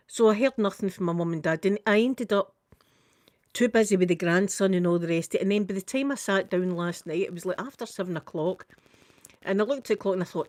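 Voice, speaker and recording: A woman's voice: mid-range voice, a little mellow, dry recording. A middle-aged Scottish woman chats away to her live stream, her words tumbling out with plenty of local turns of phrase. Her voice sits in a middle register and sounds close and dry, with no room around it. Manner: chatty, tumbling, full of local idiom. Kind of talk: casual storytelling chat.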